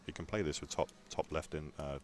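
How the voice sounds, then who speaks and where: A man commentating a pool match in a relaxed, analytical way. His voice sits very low. A faint background hum runs under the commentary. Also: fairly quick. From Scotland. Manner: chatty, analytical, jokes around. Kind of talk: live sports commentary.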